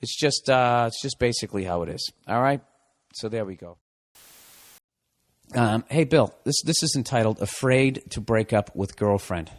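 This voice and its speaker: A man's voice: mid-range voice, moderate pace. A man hosting a podcast, giving blunt advice in a casual rant full of swearing. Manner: blunt, swears constantly, riffs.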